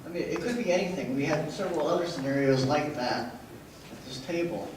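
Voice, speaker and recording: A man's voice: on the high side, brisk, noisy background. A married man in the audience of a workshop, telling a story hesitantly with many fillers. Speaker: workshop participant. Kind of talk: telling an anecdote from the floor. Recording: echoey room recorded from far off.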